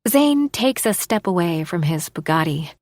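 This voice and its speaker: A woman narrating a romance audiobook in the first person, expressive, dropping to a hush for inner thoughts. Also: on the low side, moderate pace, dry recording, clean studio sound.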